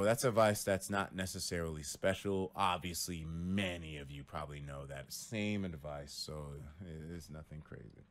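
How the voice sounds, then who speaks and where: A young man chatting to his stream audience in a loose, casual way. His voice swings widely and lively in pitch as he acts out what people said, often shooting up high and loud, with plenty of swearing along the way. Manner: animated storytelling, acts out quotes with big pitch jumps and cursing. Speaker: livestreamer. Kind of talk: casual stream talk to viewers.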